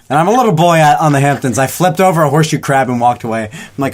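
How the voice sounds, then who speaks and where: A man's voice: mid-range voice, fast. A young man cohosting a casual chat among friends, telling stories in a crude, joking way. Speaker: podcast cohost. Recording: faint background noise with clicks.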